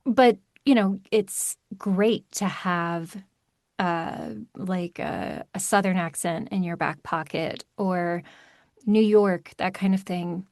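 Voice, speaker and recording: A woman from Maryland with a plain American accent, an audiobook narrator talking through an interview in a chatty, animated way. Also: fairly low pitch, dry recording. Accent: General American. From Maryland, USA. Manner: chatty, animated, quick asides. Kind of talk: casual interview chat.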